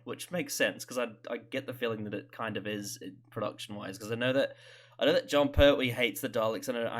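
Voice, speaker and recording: A host giving casual, rambling reaction commentary, stammering and laughing often between thoughts. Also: mid-range voice. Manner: swears casually.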